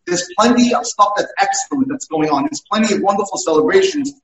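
A man's voice: sits high, lively intonation, quick pace. A man who works as a dating mentor, telling case stories one after another. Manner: storytelling through examples. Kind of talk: talk. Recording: roomy, from far off.

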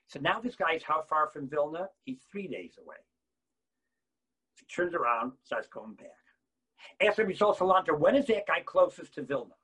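A man giving an animated Torah talk on repentance, swinging between loud bursts and near-whispers. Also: a little high, normal speed, slightly rough.

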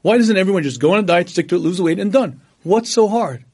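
Guy teaching a religion class, kinda high voice, tells stories, clears his throat a lot. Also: fast. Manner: storytelling, animated quoting of others. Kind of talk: lecture on religion.

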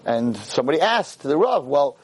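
Animated husky-voiced male storyteller. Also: on the high side, normal speed. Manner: animated, acts out the characters' voices. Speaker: lecturer. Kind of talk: storytelling lecture.

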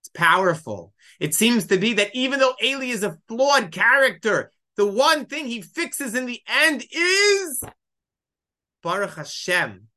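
A man teaching a Bible lesson verse by verse, reading lines aloud and explaining each in English. His voice is bright and clear, and his delivery is emotional, sometimes choked up. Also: extremely high pitch, sing-song, a little slow. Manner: reads Hebrew verses then explains in English. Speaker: Torah teacher. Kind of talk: text study lesson, translating verse by verse.

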